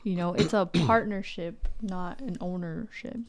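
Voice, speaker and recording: A woman's voice: fairly low pitch, unhurried. A woman speaking as a guest on a casual podcast, candid and opinionated, laughing often.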